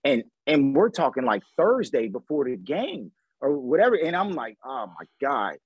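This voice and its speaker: Animated, slangy man telling a story. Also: on the high side, moderate pace, breathy edge, no echo, highs cut off. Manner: animated, slangy storyteller acting out quoted dialogue. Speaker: guest, former pro football receiver. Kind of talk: casual interview storytelling.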